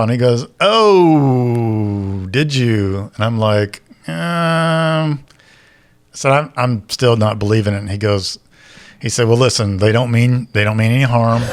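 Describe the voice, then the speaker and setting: Animated male podcast storyteller. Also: mid-range voice. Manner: animated storyteller, acts out quoted voices. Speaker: podcast co-host. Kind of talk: casual storytelling chat.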